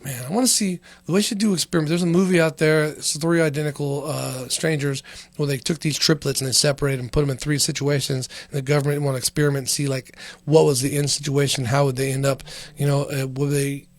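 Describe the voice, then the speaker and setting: Man, comedy podcast host, rambling rant, filler-heavy, swearing, slightly higher voice, dry sound. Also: fairly even intonation, quick pace, dry recording.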